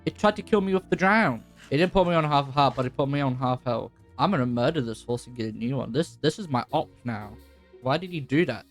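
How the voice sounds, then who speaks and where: A young man giving casual, chatty commentary over his gameplay, his voice jumping high when excited. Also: a little fast. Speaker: gaming YouTuber. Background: faint background music.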